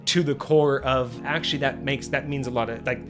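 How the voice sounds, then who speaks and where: A man's voice: mid-range voice, fairly even intonation, a little fast, over music. A man hosting a casual tabletop gaming livestream, rambling and restarting his sentences, with "like" in nearly every line. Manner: rambling, heavy use of "like" and restarts. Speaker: host of a tabletop gaming stream.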